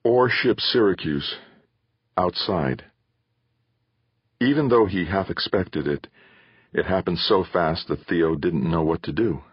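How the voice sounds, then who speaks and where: Deep husky male audiobook narrator. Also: no room sound. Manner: measured storytelling. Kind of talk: scripted narration. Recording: dull lo-fi audiobook recording.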